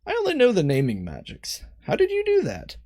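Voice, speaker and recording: A man's voice: high voice, huge pitch swings, fairly quick, a little mellow, dry recording, studio quality, pitched above the performer's own voice, full character voice. A man voicing an earnest, unsure young male squire from a fantasy game, attempting a British accent.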